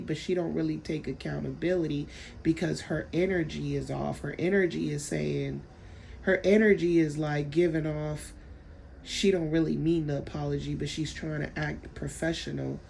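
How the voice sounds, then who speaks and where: Low gravelly woman venting bluntly. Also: fairly even intonation, moderate pace, darkish tone, slight background noise. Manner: blunt, frank, swears casually; rambling, repeats words while telling a story. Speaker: vlogger. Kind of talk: casual storytime venting.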